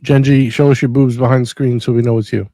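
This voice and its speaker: A man's voice: medium pitch, level tone, fast, dark tone, no room sound. Joking man hosting a livestream, dry sound. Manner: joking, reads out viewer chats. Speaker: host.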